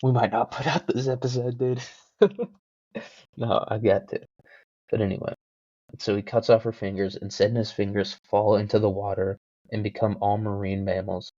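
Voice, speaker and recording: A man's voice: on the low side, fairly even intonation, normal speed, dark tone, dry recording. A man hosting a podcast who rambles casually and jokes, often putting himself down. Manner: joking, self-deprecating, full of fillers. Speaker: podcast host. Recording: dull lo-fi home mic.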